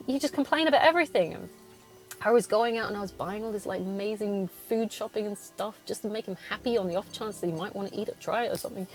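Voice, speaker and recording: A young woman hosting a solo podcast from a car, venting bluntly, swearing often and laughing between thoughts. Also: mid-range voice. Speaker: podcast host.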